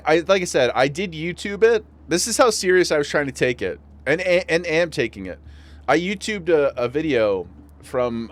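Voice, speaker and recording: A man with a western New York accent, chatting casually and laughing often while streaming a game. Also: mid-range voice. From western New York region. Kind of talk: casual gameplay chat.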